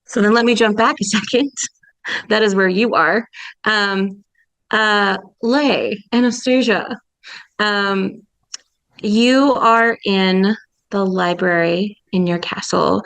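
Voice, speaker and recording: A woman's voice: medium pitch, steady tone, slow pace, creaky, fairly bright tone, dry recording, rough recording. A woman narrating a tabletop game as game master, chatty with many fillers.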